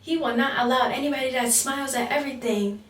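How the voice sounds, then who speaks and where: A woman's voice: high-pitched, quick pace, recorded from a distance, pitched above the performer's own voice, lightly acted. A woman voicing a furious female drill instructor who screams scornfully, recorded in a roomy space away from the mic.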